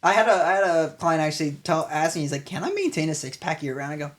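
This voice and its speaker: A man's voice: a little high, sing-song, fast talker. Tired, slangy young trainer guy. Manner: slangy, rambling, full of "like" and "bro". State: tired and hungry. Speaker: guest personal trainer. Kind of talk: casual podcast chat.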